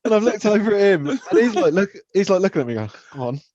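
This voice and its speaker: A young man co-hosting a podcast, telling stories with lots of swearing and animated voices. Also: high voice, fast talker, no echo, lo-fi sound. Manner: swears a lot, animated storytelling. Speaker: podcast co-host. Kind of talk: casual chat.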